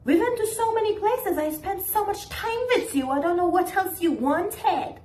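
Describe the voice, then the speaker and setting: Woman mimicking a shrill, dismissive mother. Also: lively intonation, normal speed, a little mellow. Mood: defensive. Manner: shrill, mocking, complaining. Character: dismissive, whiny mother brushing off her child. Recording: roomy echo.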